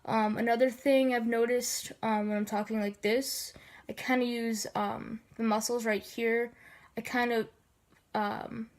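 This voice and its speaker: A woman's voice: level tone, unhurried. Sniffly woman giving a hesitant voice tutorial. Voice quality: slightly gravelly low register. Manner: hesitant, many filler ums. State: sniffly from allergies. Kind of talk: casual spoken tutorial.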